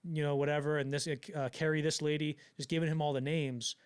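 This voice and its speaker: Fast-talking animated man telling a story. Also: a little high, clear, resonant tone. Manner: animated storyteller, acts out quotes with loud bursts; fast, loose, lots of fillers. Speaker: podcast co-host. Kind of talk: casual storytelling chat.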